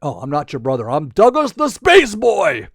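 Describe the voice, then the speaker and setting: A brave, eager young boy space hero from a storybook, announcing himself loudly and proudly, as a man acts him out. His voice sits high and moves about a lot. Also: huge pitch swings, normal speed, creaky, no room sound, clean studio sound, exaggerated voice. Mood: heroic.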